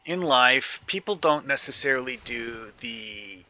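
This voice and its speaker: A man's voice: mid-range voice, measured pace, sharp tone. A man giving casual commentary while playing a video game, rambling and thinking aloud with many fillers and restarts. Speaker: gaming video creator.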